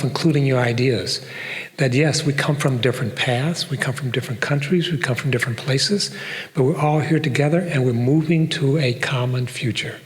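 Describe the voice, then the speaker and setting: Older man lecturing in a reverberant hall. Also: mid-range voice. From Detroit, USA. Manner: conversational, with fillers and asides. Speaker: professor giving a public talk. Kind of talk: lecture to a live audience. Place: performing arts center stage.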